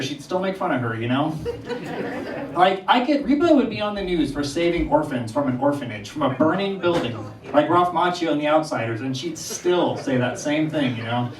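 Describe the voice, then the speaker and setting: A young man performing a stand-up comedy set on a small theater stage, telling animated stories and firing off incredulous questions. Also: on the high side. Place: small theater stage before a live audience. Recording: distant roomy mic with crowd laughter.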